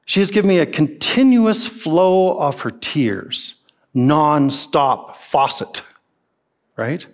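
A male pastor preaching a sermon, animated and emphatic, with many rhetorical questions to the congregation. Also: on the high side, slow pace.

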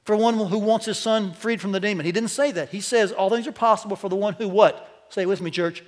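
A male pastor preaching a sermon to a church congregation, animated, his voice climbing as he quotes. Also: high voice, a little fast. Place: church sanctuary.

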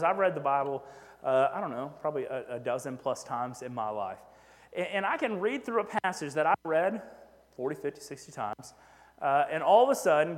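Man, pastor, high voice, casual sermon, asks "right?" often, long hall reverb. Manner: conversational, frequent "right?" asides, self-deprecating humor.

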